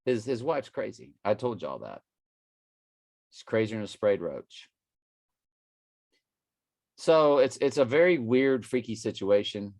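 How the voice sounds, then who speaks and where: Deep-voiced man preaching prophecy. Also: very animated, measured pace, creaky, long pauses, darkish tone, no echo. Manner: rambling, jumps between numbers and scripture. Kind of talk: rambling prophecy monologue.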